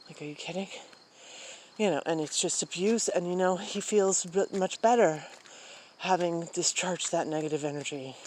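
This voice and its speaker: A woman's voice: on the low side, normal speed, darkish tone, slight background noise. A woman talking casually while walking outdoors at night, rambling with many fillers and sighs. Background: crickets and insects.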